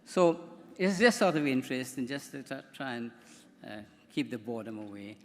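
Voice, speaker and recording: A man's voice: medium pitch, expressive, moderate pace, slight background noise. A man, a doctor, giving a conference presentation in a chatty, rambling way with repeated words. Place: conference hall. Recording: hall reverb from a microphone in a conference room.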